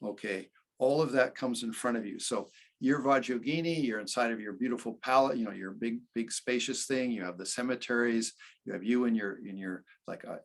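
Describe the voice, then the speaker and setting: Husky gravelly-voiced man teaching. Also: medium pitch. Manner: conversational, with many restarts and "okay". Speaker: meditation teacher. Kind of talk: casual spoken commentary.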